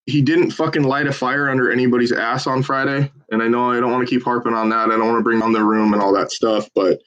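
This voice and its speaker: Guy phone banking on a stream, swears a lot, rambles, salesman pitch on calls, muffled lo-fi audio, average pitch. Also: steady tone, fast talker, fairly bright tone. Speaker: volunteer phone banker for a campaign. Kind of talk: casual livestream chat with live phone calls.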